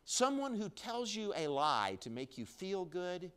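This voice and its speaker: A male pastor delivering a live sermon in a church, dropping low and quiet, then building to loud emphatic peaks. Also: sing-song, measured pace, clean tone. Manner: preaching with wide swings in loudness, low and quiet then rising strongly. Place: church sanctuary, recorded live.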